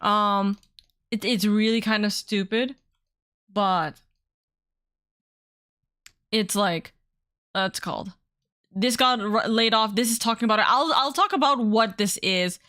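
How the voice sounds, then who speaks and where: A woman streaming from home as a VTuber, chatting casually in a rambling, excitable way and swearing freely. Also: medium pitch, slow pace, long pauses, dry recording, studio quality. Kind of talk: casual livestream chat.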